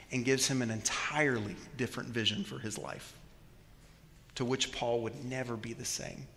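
A man in his thirties preaching a sermon in church, telling stories and shifting between hushed, slow passages and loud, emphatic ones. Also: medium pitch, slight background noise. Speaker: pastor. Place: church sanctuary. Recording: long reverb of a large hall.

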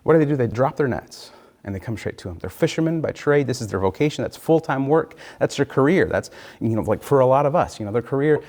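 A man preaching in a relaxed, conversational way, thinking aloud and often checking in with his listeners. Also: mid-range voice, fast. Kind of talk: conversational Bible teaching.

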